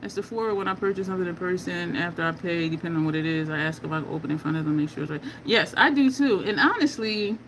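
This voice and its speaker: A woman's voice: lowish voice, fast talker, few pauses, background noise. A middle-aged woman hosting a beauty video, chatting casually with viewers while she applies makeup and tells stories with asides. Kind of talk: casual live chat while applying makeup.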